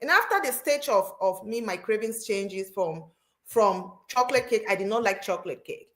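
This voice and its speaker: A woman telling stories in casual chat as a host, animated and often repeating herself. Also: medium pitch, normal speed. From Cameroon.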